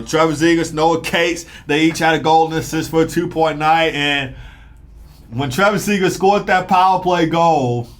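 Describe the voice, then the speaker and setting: Young male sports talker, slightly high voice, quick and rambling recap delivery. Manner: fast, rambling, excitable with fillers. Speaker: sports commentator. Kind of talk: casual hockey recap.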